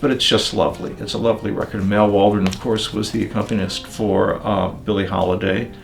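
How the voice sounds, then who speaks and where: An older man talking about records and turntables in a relaxed, digressive interview, with many pauses and fillers. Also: fairly low pitch, gravelly, faint music behind. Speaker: audio magazine editor.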